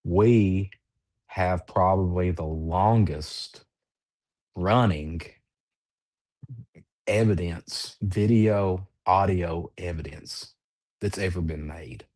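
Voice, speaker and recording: Slow-talking man telling a story. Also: sits low, darkish tone. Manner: drawn-out, emphatic storytelling with whooping imitations. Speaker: guest. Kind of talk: storytelling in casual chat.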